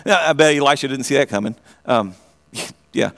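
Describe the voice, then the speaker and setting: A man preaching a sermon, retelling a story in an animated way, often restarting his phrases and asking his listeners direct questions. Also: on the high side, normal speed, vocal fry. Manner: animated storytelling with frequent repeated starts; asks the audience direct questions.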